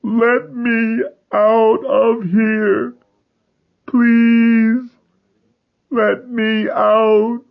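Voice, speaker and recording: A frightened little boy sobs and begs in a high, strained voice, as a male audiobook reader puts him on. His words stretch out slowly, and the recording is dull and muffled. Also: flat delivery, gravelly, full character voice. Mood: terrified. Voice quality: high, pleading, drawn-out. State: crying. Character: terrified, sobbing young boy. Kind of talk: audiobook character reading.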